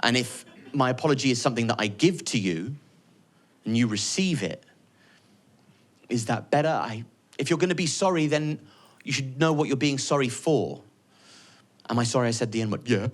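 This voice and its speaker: A man doing live stand-up on a stage mic, sardonic, swinging from loud mock-boastful ranting to quiet, reflective confession. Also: medium pitch, normal speed. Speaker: stand-up comedian. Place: comedy venue stage with live audience.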